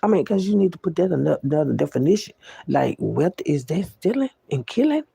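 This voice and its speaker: A woman's voice: low-pitched, sing-song, brisk, vocal fry, mellow, husky, no room sound. A woman delivering an unscripted monologue rant to the camera, profane and preachy, with repeated words for emphasis, often calling listeners "baby.". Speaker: vlogger.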